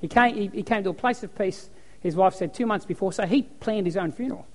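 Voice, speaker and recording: Animated pastor in echoey hall. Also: male voice, high-pitched, brisk. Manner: animated storytelling, acts out cheering crowds. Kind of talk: sermon. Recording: echoey hall with long reverb.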